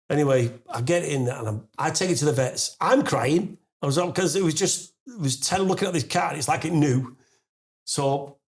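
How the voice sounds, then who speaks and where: A man in his forties, a podcast guest, telling a long anecdote with lots of fillers and restarts, and getting louder and higher as he laughs through the punchline. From England. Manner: animated storyteller, rising to loud laughing disbelief; frequent fillers and restarts, swears casually. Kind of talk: storytelling in a podcast interview.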